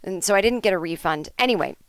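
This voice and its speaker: A woman's voice: mid-range voice, animated, fast talker, smooth, no echo. A woman hosting a podcast, telling an improvised comic story in a rambling, chatty way with lots of fillers and asides. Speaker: podcast host.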